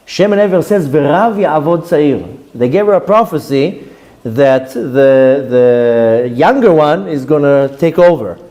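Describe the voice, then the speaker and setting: A man, a rabbi giving a Torah class and telling stories with lively, acted-out quotes. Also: slow pace. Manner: lively storytelling, voices quoted speakers with big pitch jumps.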